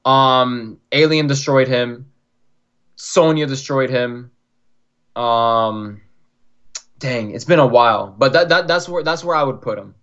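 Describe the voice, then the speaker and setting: A man's voice: medium pitch, slow pace, long pauses, fairly bright tone. A young man from Florida, a podcast guest, telling stories in a chatty way, full of "like" and acted-out quotes. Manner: chatty, fills talk with "like", acts out quoted dialogue. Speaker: podcast guest, competitive fighting game player. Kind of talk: casual storytelling. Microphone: online call. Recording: dull lo-fi call audio.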